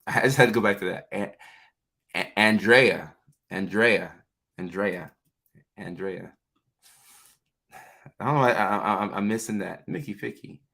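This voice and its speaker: Reading out viewers' names and chatting loosely with lots of fillers, this livestream host, a mental health clinician, keeps things casual. He has a lowish voice with a fairly bright tone.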